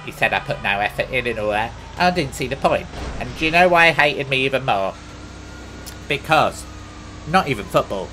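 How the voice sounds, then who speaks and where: A man's voice: mid-range voice, animated, normal speed, bright, forceful tone, rough recording. A man with a Cockney accent, rambling through a boastful, absurd comic monologue while playing a game. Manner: boastful, absurd, chatty tangents. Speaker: gaming comedy host. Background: music.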